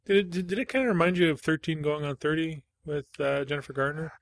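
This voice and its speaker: A man co-hosting a casual movie-review chat, telling scenes with quick asides and loose swearing. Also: a little high, creaky, dry recording. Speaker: podcast co-host.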